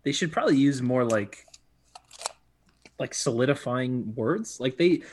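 A man's voice: medium pitch, animated, unhurried, a crowd in the background. Rambling man in a casual film chat. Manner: rambling, restarts sentences, swears casually. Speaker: podcast co-host. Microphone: video call.

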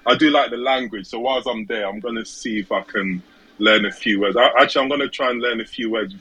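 A man's voice: mid-range voice, fast, pushed and bright, breathy edge, low-quality recording. A British man chatting casually as a podcast guest, repeating words and laughing easily. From United Kingdom. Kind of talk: casual chat.

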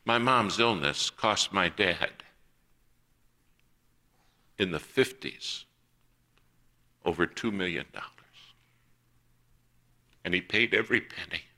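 Male preacher, low and forceful, telling a story from the pulpit and playing each voice in it. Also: takes it slowly, pauses often. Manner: acts out quoted voices in a personal story. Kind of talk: sermon storytelling.

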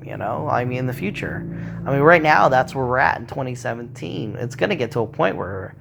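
A man with a gravelly, creaky voice talks in a loose, rambling monologue. He swears freely and slips into short acted-out quotes as he makes his points. His pitch sits in an ordinary middle range. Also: lively intonation, fairly quick, over music.

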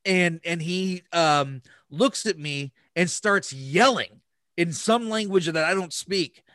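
A man's voice: high voice, slow pace, fairly bright tone, no echo. A man hosting a podcast, telling a story in a casual, profane way that rambles with many restarts. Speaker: podcast host.

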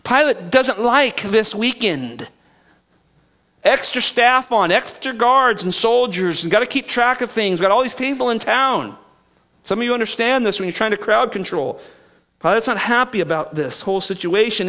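Animated high-voiced male preacher. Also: moderate pace. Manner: animated, acts out quoted speakers, frequent restarts. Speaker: pastor. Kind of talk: expository sermon.

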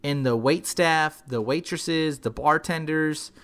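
Young man, from Texas, podcast host, casual chat, animated storyteller, slangy, somewhat high voice. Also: slow. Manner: animated storyteller, heavy slang, acts out quotes.

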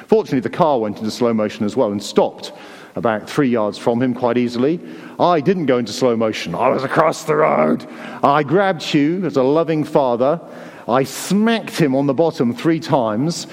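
A man's voice: mid-range voice, moderate pace, long reverb tail. A man preaching a sermon to a church congregation, earnest and pleading, often repeating words as he presses his point. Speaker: pastor.

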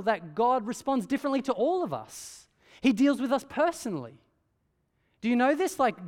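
Preacher man in a reverberant hall. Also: sits high. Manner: conversational, full of rhetorical questions. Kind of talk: sermon. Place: church hall. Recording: long church-hall reverb.

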